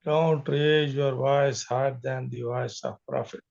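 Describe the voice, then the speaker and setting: Slow gravelly male student, off-mic. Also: mid-range voice, steady tone, dull audio. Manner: repeats the teacher's words back quietly.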